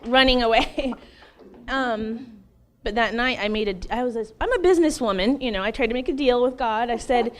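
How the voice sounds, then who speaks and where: A woman in her thirties tells her personal testimony in an interview, open and earnest. Her voice sits slightly high, and she gets animated as she talks, breaking into brief laughs along the way. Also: fairly quick.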